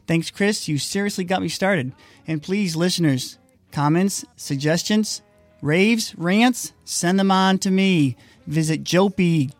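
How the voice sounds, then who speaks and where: A man's voice: high-pitched, dry recording. A man hosting a podcast, reading a friendly, upbeat scripted introduction. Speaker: podcast host.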